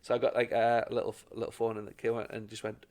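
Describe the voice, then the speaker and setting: A middle-aged stand-up comedian rambles through anecdotes in casual conversation, restarting often and acting out quoted voices. His voice is fairly low and a little mellow, and he talks fast with a completely flat delivery.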